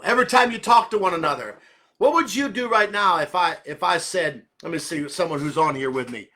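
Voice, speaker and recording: A man's voice: high-pitched, very animated, a little fast, bright, forceful tone. A man pastor giving a conversational sermon, earnestly checking in with listeners and often rephrasing mid-thought.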